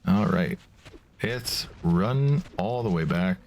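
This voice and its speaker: Laid-back low-voiced male streamer. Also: takes it slowly, a little hiss or hum. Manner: relaxed, reads game dialogue aloud. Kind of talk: casual gameplay commentary.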